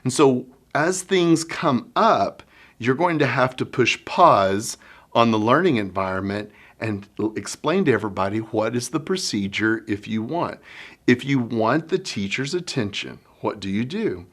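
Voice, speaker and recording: A man's voice: mid-range voice, normal speed. Guy teaching a workshop, voice jumps all over, folksy sayings. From Oklahoma, US. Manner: animated storyteller, acts out children and teacher. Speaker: children's minister. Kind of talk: conference workshop talk.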